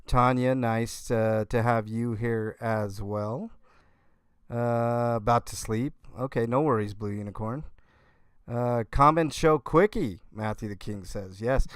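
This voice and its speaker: A man hosting a casual live-stream chat show, talking in a low-key, mumbling way as he reads chat and fixes his audio. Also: slow pace, smooth, no room sound, studio quality. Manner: low-key, mumbling, talks to himself while fixing audio. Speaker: livestream host.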